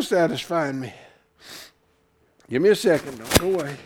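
A man preaching a sermon into a camera, swinging from loud shouting to hushed whispers and repeating phrases for emphasis. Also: fairly high pitch, lively intonation, moderate pace, background noise. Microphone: camera he speaks into.

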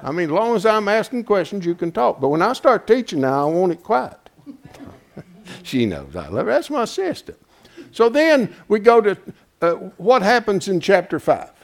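A man preaching a folksy Bible teaching sermon, quizzing his congregation and swinging between hushed asides and loud, emphatic points. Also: high voice, big pitch swings, normal speed, vocal fry. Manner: asks the congregation questions and draws answers; homespun and colloquial, with frequent "folks" and "ain't".

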